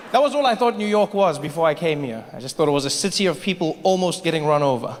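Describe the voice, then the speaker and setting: Animated, high-voiced stand-up comedian from Africa. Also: male voice, fast talker, hardly any pauses, a loud crowd. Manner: animated, self-deprecating, acts out scenes. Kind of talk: stand-up storytelling. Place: large live venue with audience. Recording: echoey live venue with audience noise.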